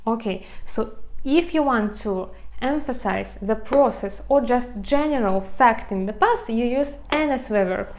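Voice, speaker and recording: A woman's voice: fairly high pitch, expressive, unhurried, slight background noise. A woman with a Russian accent teaching a language lesson online, explaining step by step with frequent fillers and restarts.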